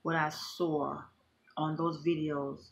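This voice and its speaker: Impassioned grieving woman vlogger, gravelly. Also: low-pitched, little pitch movement, slow pace. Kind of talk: emotional personal vlog.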